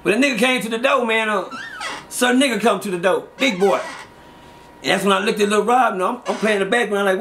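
A middle-aged man spins street tales in an interview. His voice sits high and bright, and he acts out every quote with lively energy. He breaks into laughter often as he talks. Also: fast talker, a little hiss or hum. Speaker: interview guest. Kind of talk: casual street storytelling.

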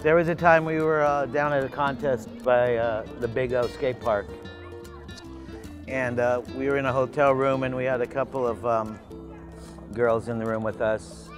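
A man telling an amused anecdote quickly in a documentary interview. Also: mid-range voice, steady tone, over music.

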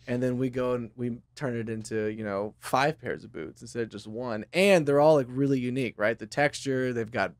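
A man's voice: mid-range voice, a little fast, hardly any pauses, dry recording, studio quality. A man from Texas, a company founder, chatting as a podcast guest and explaining things earnestly with many fillers. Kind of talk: casual podcast chat.

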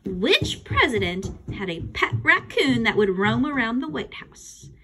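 A woman voicing an excitable grown man hosting a school quiz, announcing in a bouncy way. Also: a little high, a little slow, breathy edge, full character voice. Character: excitable adult male quiz host.

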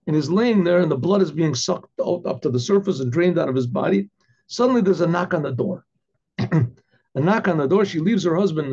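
A man, a rabbi, telling a story in a halting way, repeating words and often clearing his throat. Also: a little high, warm tone, lo-fi sound. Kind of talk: oral storytelling.

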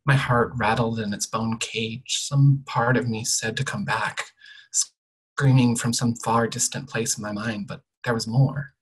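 Quiet husky-voiced author reading fiction. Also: medium pitch, low-quality recording. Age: young adult. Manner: quiet, measured, often trailing off softly. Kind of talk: literary reading of a novel excerpt.

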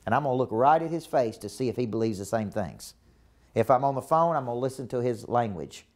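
This man, a business coach, talks fast in a medium-pitched, slightly mellow voice with a Southern US accent. Teaching a live coaching seminar, he repeats himself emphatically and keeps making sure the audience is with him.

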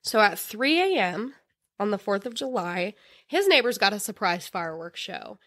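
A woman co-hosting a casual true-crime podcast, telling stories in an animated, giggly way. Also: mid-range voice, moderate pace. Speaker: podcast co-host.

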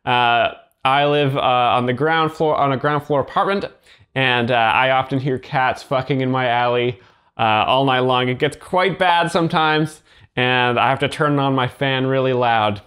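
A man speaks in a slow, hesitant way, stopping and restarting as he explains each joke. His delivery is deadpan and literal-minded, with the pitch of an ordinary male voice. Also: clear, resonant tone. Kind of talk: deadpan commentary.

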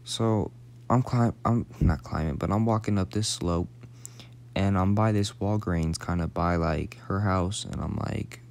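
A man's voice: sits low, unhurried, darkish tone. A young man in his late teens telling a rambling, profane story in a casual, slangy way, sometimes dropping to a whisper.

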